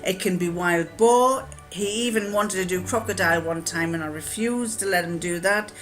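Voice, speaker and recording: An older woman vlogger answers a tag challenge, chatting casually to camera and telling anecdotes with lots of ums and restarts. Her voice is fairly low-pitched at a moderate pace, with faint music behind.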